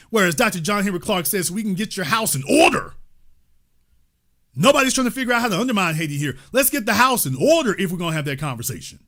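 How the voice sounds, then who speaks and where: A male commentator with a high, lively voice that swings all over its range as he drives his points home. He talks emphatically, with mild cursing and an occasional shout, and his tone is bright and forceful. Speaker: host. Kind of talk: livestream political commentary.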